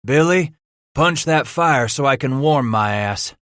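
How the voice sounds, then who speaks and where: A man voicing a big, loud, swaggering frontier trapper leader in a gruff backwoods drawl, for an audiobook. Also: medium pitch, animated, a little slow, no echo, clean studio sound, voice pushed up. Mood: gruff bossy.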